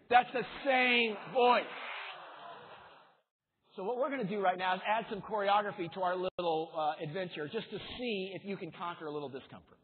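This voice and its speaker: A man's voice: high-pitched, steady tone, normal speed. A man giving a motivational keynote speech, joking with the audience and leading them through exercises. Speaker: keynote speaker. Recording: tinny lo-fi speaker demo reel.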